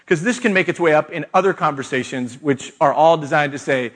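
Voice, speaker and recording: A middle-aged man with a fairly high, lightly raised voice tells a family story to a live crowd. He jokes at his own expense and chuckles along the way, in a loose, humorous retreat-talk manner. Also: lively intonation, fairly quick, sharp tone. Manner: storytelling with self-mocking jokes, laughing. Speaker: speaker.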